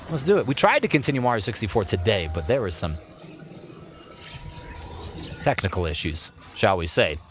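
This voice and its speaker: A man's voice: mid-range voice, big pitch swings, moderate pace, fairly bright tone. A man live-streaming a game, playfully chatting to in-game objects and answering chat. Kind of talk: live gameplay commentary. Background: faint game music.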